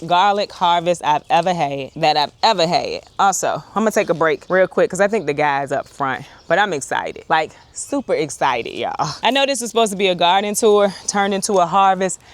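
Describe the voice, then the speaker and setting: A woman talks through an outdoor garden harvest in a casual vlog. Her voice sits a touch low for a woman. She is chatty and excitable, calling out to her viewers as she goes, and she is recorded on a small clip-on mic. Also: normal speed, few pauses. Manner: chatty and excitable, often addresses viewers as y'all. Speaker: urban homesteader, channel host. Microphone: wireless clip-on mic.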